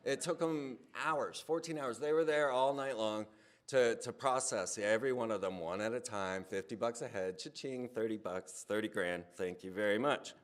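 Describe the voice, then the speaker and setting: Animated man telling a rambling monologue. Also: mid-range voice, normal speed. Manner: animated storytelling, voice rising when excited. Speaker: speaker on a hypnosis channel. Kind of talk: casual spoken monologue.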